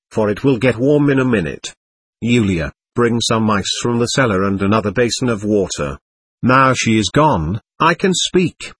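A man's voice: mid-range voice, slightly rough, no echo. A man reading the part of an impetuous, imperious teenage girl who gives urgent, bossy orders.

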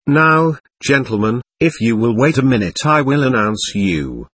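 A man reading as a calm monk. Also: medium pitch, a little slow, husky, no echo. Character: calm male monk guide.

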